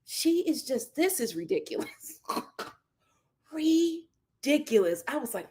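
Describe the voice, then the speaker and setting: A woman hosting a live reality TV recap, animated and exclamatory, laughing often. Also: high voice, unhurried, slight background noise. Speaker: reality show recap host.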